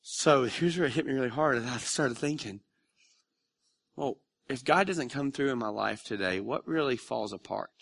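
A pastor in his thirties preaching a conversational, confessional sermon in a church sanctuary. He often builds from reflective speech into loud, high-pitched pleading. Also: normal speed, vocal fry.

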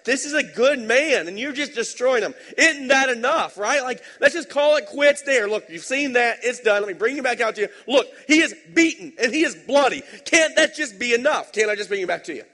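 A man's voice: very high voice, lively intonation, a little fast, few pauses, pushed and bright, pitched above the performer's own voice, heavily acted. A man doing an exasperated Roman governor. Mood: pleading. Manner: pleading, rising and insistent. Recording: long hall reverb.

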